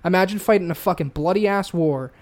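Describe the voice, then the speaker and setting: A man's voice: high voice, fairly quick, darkish tone. Heated, profane man ranting. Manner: heated, profane, repetitive restarts. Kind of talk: casual ranting chat.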